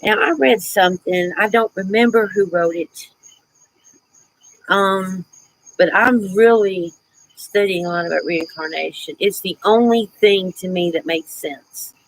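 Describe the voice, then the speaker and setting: A woman's voice: medium pitch, unhurried, dry recording, low-quality recording. A middle-aged woman hosting a casual live chat, talking in a reflective, chatty way and breaking into laughs. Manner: chatty, reflective, laughs often, greets viewers warmly. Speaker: livestream host.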